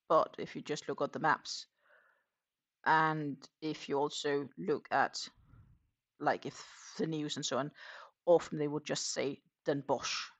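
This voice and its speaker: A woman hosting a crochet livestream, chatting in a relaxed, rambling way while she works. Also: low-pitched. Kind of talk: casual livestream chat.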